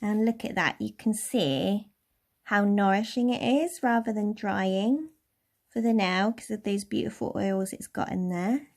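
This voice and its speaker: A young woman from Somerset giving a relaxed, chatty nail care tutorial in a lightly posh English accent. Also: medium pitch, a little slow, vocal fry. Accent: posh-leaning southern English. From Somerset, England. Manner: chatty, relaxed, with soft laughs. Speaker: beauty tutorial host.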